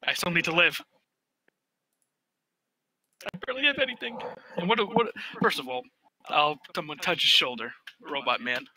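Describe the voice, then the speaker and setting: A man's voice: a little high, big pitch swings, normal speed, long pauses, pushed and bright, slight background noise, rough recording. A man playing a tabletop role-playing game in character, joking and laughing often as his voice swings up and down. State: voice changed, talking through a cup. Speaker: tabletop player.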